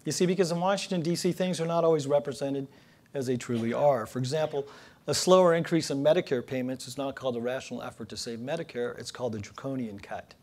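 A man's voice: medium pitch, fast talker, a little mellow. A man giving a public lecture, telling jokes with dry storytelling and building each one to its punchline. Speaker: political cartoonist giving a lecture. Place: lecture hall before an audience.

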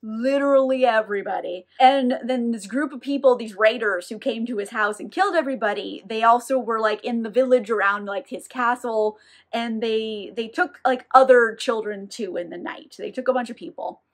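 A chatty woman with a slightly high voice retells a novel's plot in a loose, irreverent way. She swears casually and slips into quick voices for the characters. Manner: chatty, irreverent, swears freely, acts out quoted lines. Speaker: book reviewer. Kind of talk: casual book recap.

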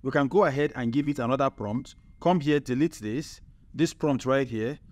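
A man hosting a screen-recorded software tutorial. He keeps checking in with the viewer with a quick "right?". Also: medium pitch. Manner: chatty, repeats "right?" to the viewer. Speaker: tech tutorial host.

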